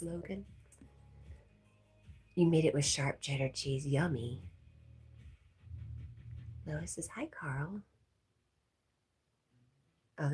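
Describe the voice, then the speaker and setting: Low husky woman chatting on a livestream. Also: darkish tone. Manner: reads viewer comments aloud and chats back, laughing often. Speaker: livestream host. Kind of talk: casual livestream chat.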